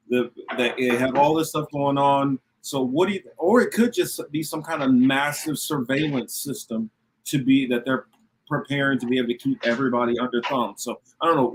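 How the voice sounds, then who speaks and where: Man, podcast host, mid-pitch voice, rambling and animated, restarts a lot. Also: slight background noise, rough recording. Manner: animated, repeats and restarts himself. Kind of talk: casual political talk.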